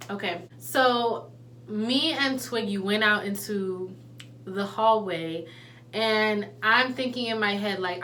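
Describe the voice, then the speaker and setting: A young woman telling a personal story in a casual, slangy, animated way. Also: mid-range voice, a little hiss or hum. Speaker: vlogger.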